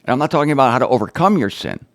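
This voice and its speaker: A man teaching scripture on his own show, emphatic and animated, his pitch swinging widely as he drives each point home. He slips in dry, sarcastic asides between the serious points. The voice sounds close and dry, with almost no room around it. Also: rapid-fire, no echo. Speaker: Bible teacher and show host. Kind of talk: informal Bible teaching to camera.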